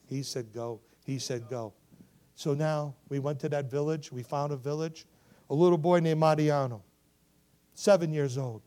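A man delivers a sermon as a missionary, with a fairly high voice. He tells his story in bursts, getting loud at the high points and quiet at the tender ones, and often turns to the audience to ask if they remember. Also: moderate pace. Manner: animated, swings from loud to hushed, asks the audience to remember. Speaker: missionary preacher. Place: church.

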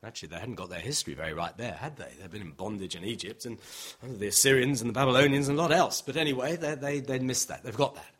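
A man's voice: medium pitch, fast talker, slightly rough. A man preaching a sermon, acting out the objections of his listeners and chuckling now and then. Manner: animated, acts out voices of listeners, occasional chuckles.

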